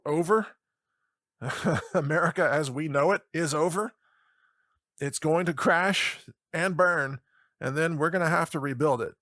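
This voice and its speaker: A man's voice: fairly high pitch, fairly bright tone, dry recording, studio quality. A middle-aged man giving a sarcastic commentary monologue as a podcast host, mocking and chuckling often between remarks.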